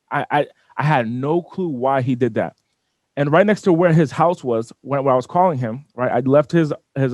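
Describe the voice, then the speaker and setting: A man in a studio interview, telling his story with lots of energy and frequent restarts. His voice sits at an ordinary middle pitch, and the recording is dry and close, with no room sound. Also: no room sound. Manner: animated storyteller who repeats and restarts words. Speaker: business owner guest.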